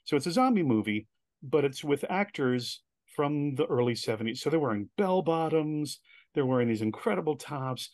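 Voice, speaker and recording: Animated male storyteller, dry close sound. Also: on the high side, no room sound. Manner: animated storyteller who acts out quoted voices. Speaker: interview guest. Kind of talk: casual storytelling interview.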